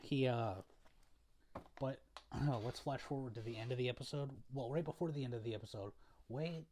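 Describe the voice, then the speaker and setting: A man's voice: mid-range voice, fast, darkish tone, a little hiss or hum. A young man casually recapping a story to camera in a rambling, profane way, full of fillers. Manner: rambling, profane, filler-heavy, laid-back. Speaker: video creator.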